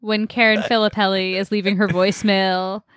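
A woman's voice: mid-range voice, flat delivery, normal speed, fairly bright tone, dry recording. Dry-witted woman podcast co-host. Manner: dry, pointed. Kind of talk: casual comedic chat.

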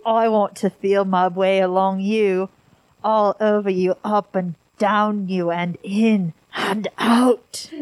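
A woman's voice: medium pitch, steady tone, takes it slowly, a little mellow, no room sound, pitched below the performer's own voice, close to an everyday voice. A woman putting on a posh flirtatious prince. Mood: flirty. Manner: put-on plummy upper-class accent, reading aloud. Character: posh British prince, middle-aged man, flirtatious. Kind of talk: comedic dramatic reading.

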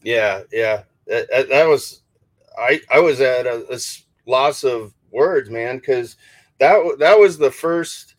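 A male podcast host in casual conversation, his voice sitting at an ordinary middle pitch. He talks haltingly, with frequent fillers and restarts. The sound is dry and close, with no room echo. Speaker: podcast host, paranormal investigator. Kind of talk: casual chat.

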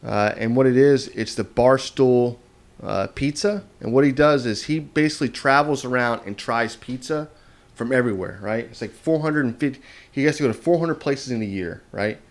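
A man's voice: mid-range voice, moderate pace. A man hosts a casual podcast chat with a mid-range voice. He rambles through his stories, full of ums and restarts, drifting from point to point. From Texas. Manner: rambling, filler-heavy storytelling. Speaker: podcast host.

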